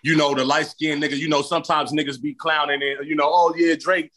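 Animated slangy rapper, slightly high voice. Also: male voice, fast. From California. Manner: slangy, animated storytelling with many repeated starts. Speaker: rapper guest. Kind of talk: casual interview talk.

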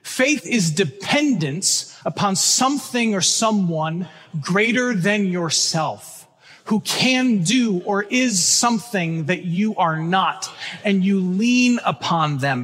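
A man preaching a sermon as pastor, earnest and emphatic, slowing down to stress key phrases. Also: high voice, a bit bright, slightly rough. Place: church sanctuary. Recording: long church reverb.

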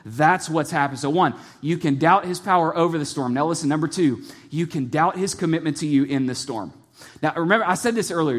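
Male pastor, somewhat high voice, lively sermon delivery with humor and shifting pace. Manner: animated, joking, shifts pace often.

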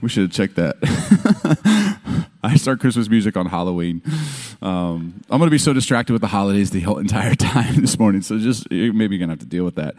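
A man's voice: on the low side, quick pace. A man preaching from a stage, telling stories with humor and acting out what people say. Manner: animated storytelling, acting out quotes. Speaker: pastor. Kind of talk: sermon. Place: stage before an audience.

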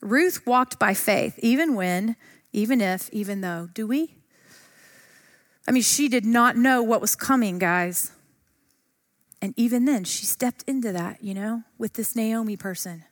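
A woman's voice: fairly high pitch, unhurried. A woman teaching a Bible study lesson in a chatty, enthusiastic way. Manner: enthusiastic, chatty, uses fillers.

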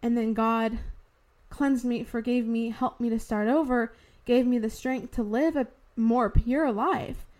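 A young woman with a slightly raised voice speaks slowly and deliberately, sharing her faith testimony. She sounds earnest and heartfelt, holding back tears as she goes. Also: a little high, steady tone, a little mellow. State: tearful, fighting back tears. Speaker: podcast host sharing testimony.

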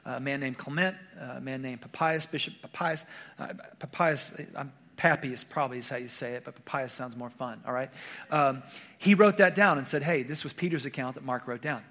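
A man's voice: medium pitch, fairly quick, a bit bright. A male pastor preaching a sermon in a conversational way, often checking in with the congregation with questions. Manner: frequent fillers and restarts.

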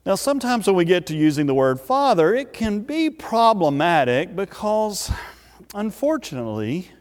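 A man preaching a sermon, speaking emphatically and repeating key words with drawn-out pauses. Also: fairly high pitch. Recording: long reverb of a large hall.

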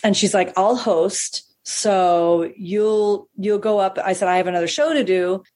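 A woman comedian telling a long profane anecdote, animated and acting out the people she quotes. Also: mid-range voice, measured pace. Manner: animated, acts out quoted voices, swears freely. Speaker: stand-up comedian.

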